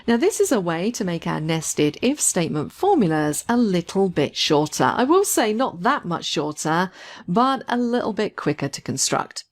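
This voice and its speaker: Lively-voiced woman teaching spreadsheets. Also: fairly low pitch, normal speed. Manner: clear, methodical step-by-step explaining. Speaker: spreadsheet instructor. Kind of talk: screen-recorded software tutorial.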